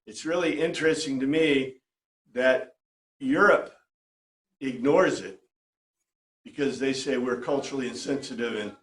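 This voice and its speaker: A man's voice: mid-range voice, unhurried, long pauses, fairly bright tone, reverberant. A man teaching a Bible class in a conversational way, often checking in with his listeners. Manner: chatty, checks in with "right?". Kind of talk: informal lecture to a class.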